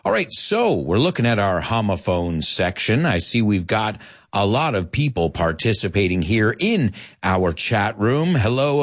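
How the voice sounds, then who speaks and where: A middle-aged American man leads a live online English lesson. His voice is on the low side and he takes his time, while his pitch swings up and down with animated energy. He chats with viewers and slips into Spanish to explain. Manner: animated, chatty, mixes in Spanish asides. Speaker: English teacher.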